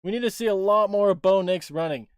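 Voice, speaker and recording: A young man hosting a casual livestream, rambling excitedly about a game he just watched and swearing casually. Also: sits high, fast talker, clean tone, no echo, studio quality. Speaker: livestream host and sports fan.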